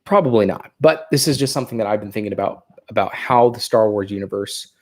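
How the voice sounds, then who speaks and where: A man's voice: fairly low pitch, fast. A man with a Californian accent hosting a casual livestream, thinking aloud and rambling with fillers. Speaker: livestream host.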